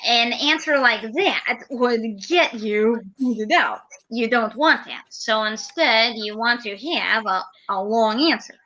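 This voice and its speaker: A woman's voice: a little high, a little slow, hardly any pauses, bright, forceful tone, low-quality recording. A woman teaching an English speaking lesson in a live online class, chatty and acting out example answers.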